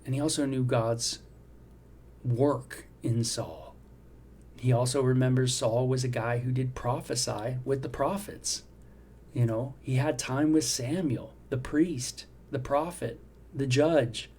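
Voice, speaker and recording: Middle-aged male devotional host, mellow and warm, chatty and reflective, faint background ambience. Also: mid-range voice, creaky, a little hiss or hum. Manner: conversational, reflective, frequent "you know" and "right?". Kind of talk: devotional Bible teaching.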